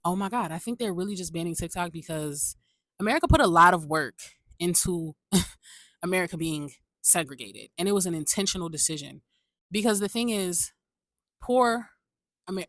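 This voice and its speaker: Woman, casual monologue, lower voice, dry sound, animated, indignant. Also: no room sound.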